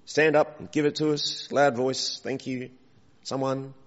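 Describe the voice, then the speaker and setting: A man's voice: mid-range voice, flat delivery, a little slow. A man preaching a conversational sermon in a church, asking the congregation questions and calling for volunteers. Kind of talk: interactive sermon. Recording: dull recording with long hall reverb.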